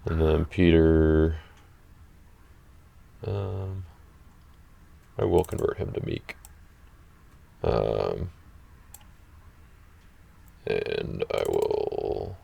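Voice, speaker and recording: A man's voice: very deep voice, lively intonation, very slow, vocal fry, pauses often, warm tone. A man hosting a channel, chatting casually and thinking aloud through a card game with many fillers. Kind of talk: casual gameplay chat. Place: playing an online card match.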